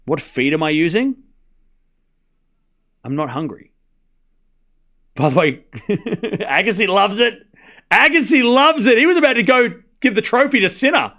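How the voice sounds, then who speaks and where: A man's voice: high-pitched, expressive, bright, forceful tone. A man streaming casual tennis play-by-play, calling scores and chatting back to viewers late at night. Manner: chatty, banters with viewers, quick score calls. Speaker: livestream tennis commentator. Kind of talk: casual play-by-play commentary and chat replies.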